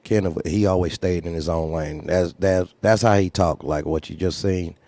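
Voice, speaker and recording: Deep-voiced male trucking vlogger, freestyle livestream talk, close dry sound. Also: fairly even intonation, normal speed, warm tone, no echo. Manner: earnest, preachy, repeats phrases. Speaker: trucking channel host.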